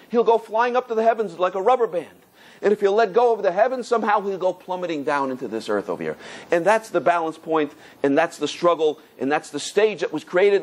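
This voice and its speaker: A middle-aged rabbi with a high-sitting voice gives a Torah lecture. He tells it in an animated storytelling style packed with repetitions.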